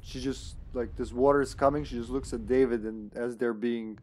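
A man giving casual live commentary while playing an online co-op game, thinking aloud and laughing, with sudden excited outbursts. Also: mid-range voice, moderate pace, a little hiss or hum.

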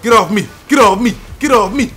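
Young male gamer, very high voice, bright and sharp, profane trash talk over faint game music. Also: a little fast, husky. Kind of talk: live gameplay commentary.

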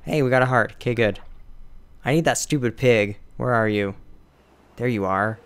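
A man's voice: mid-range voice, normal speed, clear, resonant tone, faint music behind. A man hosting a let's play, casually commenting on his gameplay and talking to the characters on screen. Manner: chatty, talks to the game and its characters.

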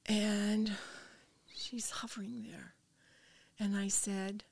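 A woman's voice: lowish voice, a little slow, creaky, no room sound. An older woman, a podcast guest, earnestly telling a personal story and dropping to a whisper at tense moments.

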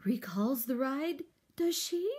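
A woman reading aloud voices a reverent male giant roach who speaks in a hushed, breathy, old-fashioned way. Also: high voice, animated, slow pace, pitched above the performer's own voice. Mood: awed.

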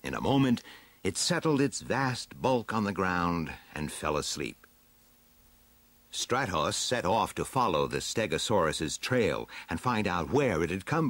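A man narrating a children's adventure storybook aloud in an expressive, dramatic way. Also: sits low, no echo. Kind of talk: storybook reading.

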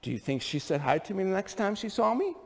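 In a church sanctuary with long hall reverb, a middle-aged upstate New York pastor preaches fast in a high, creaky voice that leaps across its range. His sermon is animated storytelling, with repeated rhetorical questions to the congregation.

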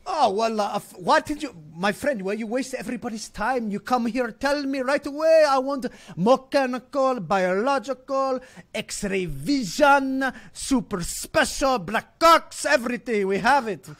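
A man's voice: very high voice, expressive, a little slow, a bit bright, exaggerated voice. A man doing a pushy, accented shopkeeper. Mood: pushy salesy. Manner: heavily accented, pushy salesman patter. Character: pushy, fast-talking male shopkeeper. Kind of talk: improvised comedy sketch.

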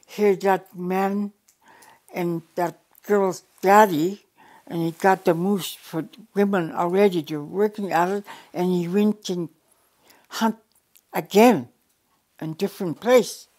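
Older woman storyteller with a low voice. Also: fairly even intonation, darkish tone. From Yukon, Canada. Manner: unhurried, restarts and repeats words, plain direct phrasing. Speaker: elder storyteller. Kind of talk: oral storytelling.

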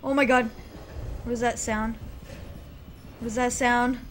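A woman playing a horror game, excitable, yelping and shrieking, with nervous laughter. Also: on the high side, unhurried, slight background noise. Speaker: gaming video host.

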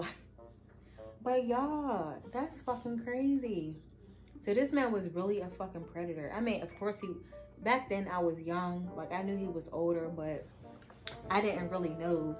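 A woman's voice: on the low side, moderate pace, darkish tone, faint music behind, low-quality recording. A woman telling a casual storytime to her viewers, chatty and swearing freely as she talks to them. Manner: chatty, cursing freely, addresses viewers as y'all. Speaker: vlogger.

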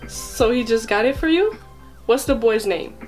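A woman's voice: a little high, animated, moderate pace, a little mellow, soft background music. A woman playfully asking a small child question after question in a casual chat.

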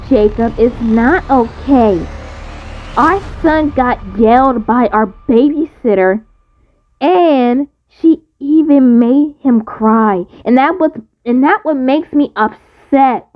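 A woman's voice: high voice, animated, takes it slowly, muffled recording. A woman voicing an angry, protective mother who scolds in an indignant tone. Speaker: voice actor. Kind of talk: roleplay movie voice acting.

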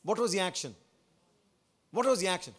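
A man's voice: sits high, expressive, fairly quick, a bit bright. A man, a pastor, preaching a sermon to his church, asking the congregation questions and repeating phrases for emphasis.

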